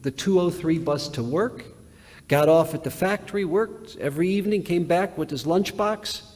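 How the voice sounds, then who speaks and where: A man's voice: high-pitched, normal speed, a little mellow. A male rabbi giving a sermon-style lecture in a synagogue, telling a story emphatically with repetitions and sudden swings in volume. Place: large synagogue sanctuary. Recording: reverberant hall, live webcast.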